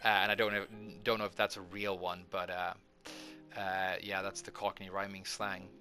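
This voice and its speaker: A man with a hoarse voice, rambling casually as a gaming video host and hesitating often. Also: sits low, flat delivery, normal speed, bright, forceful tone, faint music behind. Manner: hesitant, lots of filler words.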